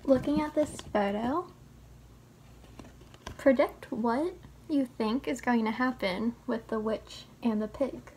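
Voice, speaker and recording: A woman reading a children's picture book aloud as a teacher, slow and expressive. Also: on the high side, slight background noise. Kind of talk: storybook read-aloud.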